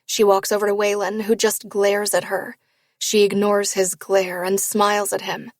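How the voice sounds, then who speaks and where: A woman narrating a first-person romance novel in a steady storytelling read. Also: mid-range voice, normal speed, no echo, clean studio sound. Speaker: audiobook narrator.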